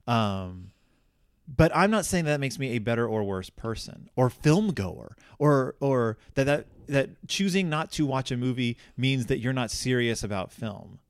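A middle-aged man co-hosting a podcast in casual chat, animated and rambling with many restarts. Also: medium pitch, moderate pace, clean tone, no echo, clean studio sound. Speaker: podcast co-host.

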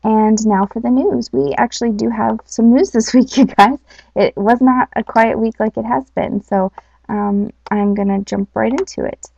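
A husky woman with a slightly high, dark voice and vocal fry talks at a moderate pace with fairly even intonation. As host of a casual podcast, she reads a story, chatting and laughing easily with plenty of fillers. The home recording is dull and lo-fi.

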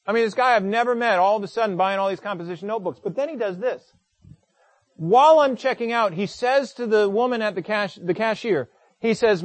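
A man's voice: sits high, lively intonation, a little fast, no room sound. A middle-aged male pastor preaching a sermon, telling a personal story emphatically with frequent stammered restarts.

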